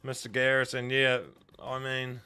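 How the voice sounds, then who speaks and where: A man's voice: medium pitch, completely flat delivery, measured pace, pushed and bright, clean tone, soft background music. A young man with a New Zealand accent, chatting casually and swearing often while he live-streams slots and answers his chat. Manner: swears a lot, banters with chat. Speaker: gambling streamer.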